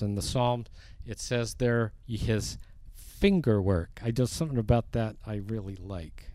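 Here a preacher with a warm voice on the low side moves through a sermon one verse at a time, reading scripture aloud. He speaks slowly and deliberately, growing more forceful on the quoted lines, in a dry recording.

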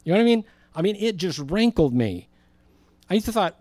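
A middle-aged man, a pastor, preaching a sermon and telling a story in an animated way, acting out the people he quotes. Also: high-pitched, fairly quick, dry recording.

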